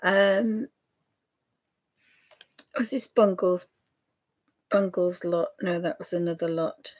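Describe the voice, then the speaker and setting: A woman's voice: on the low side, steady tone, slow, darkish tone. A woman with a Yorkshire accent chatting casually to camera as a craft vlogger, rambling and trailing off mid-sentence.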